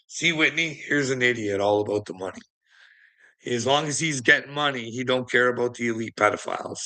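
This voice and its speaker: Bright-voiced man, sarcastic ranting streamer. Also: medium pitch, a little fast. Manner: sarcastic, mocking, swears a lot, laughs often. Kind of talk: profane livestream rant to chat.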